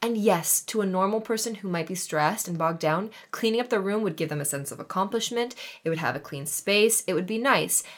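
A woman's voice: medium pitch, a little fast, few pauses. A young woman co-hosting a podcast, speaking earnestly and reflectively in a casual chat. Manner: earnest, reflective, laughs easily. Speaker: podcast co-host.

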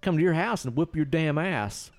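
Male podcast co-host, playful banter, slightly high-pitched. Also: expressive, moderate pace, faint music behind. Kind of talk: casual podcast chat.

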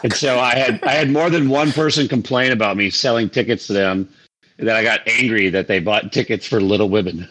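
A man co-hosting a movie podcast, telling an animated story in casual chat. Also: fairly low pitch, fairly quick, poor audio. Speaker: podcast co-host.

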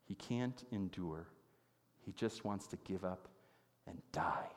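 A man's voice: deep voice, slow pace, a little hiss or hum. Man preaching a sermon in a reverberant hall. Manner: conversational storytelling, asks listeners questions. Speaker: pastor.

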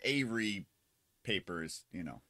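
Rambling low-voiced man co-host. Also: lively intonation, pushed and bright. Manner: rambling, halting restarts. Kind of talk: casual livestream chat.

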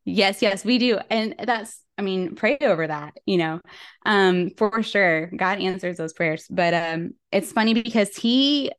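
A woman's voice: mid-range voice, measured pace, clean tone, no echo, studio quality. A woman guest on an interview podcast, telling a personal story in a chatty way with many fillers and small laughs. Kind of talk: casual storytelling.

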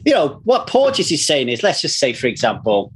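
A man, a recovery coach, talking casually in a rambling way, swearing freely and telling animated stories. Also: fairly high pitch, normal speed, slightly rough. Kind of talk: casual conversation.

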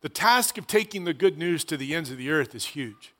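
Man, pastor, sermon, high voice, earnest, conversational. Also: fairly quick. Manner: earnest, conversational, animated asides.

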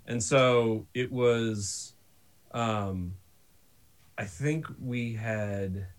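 A man telling stories in a casual podcast chat, animated and laughing often. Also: on the low side, extremely slow, clear, resonant tone.

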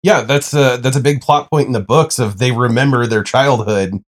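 A man with a middle-pitched voice co-hosts a casual podcast. He chats in a relaxed, slightly hesitant way as he adds details. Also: moderate pace. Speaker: podcast co-host. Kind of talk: casual chat.

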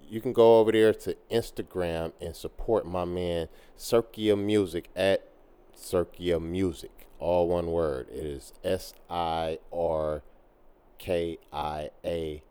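A man's voice: low-pitched, darkish tone, smooth. A man hosting a podcast, talking casually between tracks in loose, slangy hype talk. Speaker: podcast host.

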